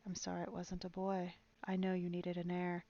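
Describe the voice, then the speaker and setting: A woman voicing a young queen-to-be who speaks softly and apologetically. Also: lowish voice, completely flat delivery, normal speed, lo-fi sound, lightly acted. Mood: anxious.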